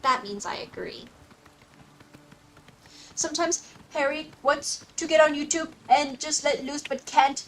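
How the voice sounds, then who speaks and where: A young woman is livestreaming a game and chatting away in a high, bubbly voice. She keeps things playful, giggling often and slipping into mock-formal phrases. A faint hiss sits under her talk. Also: unhurried, long pauses, low-quality recording. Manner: playful, giggly, rambling, mock-old-fashioned asides. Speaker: streamer. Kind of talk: casual gameplay commentary.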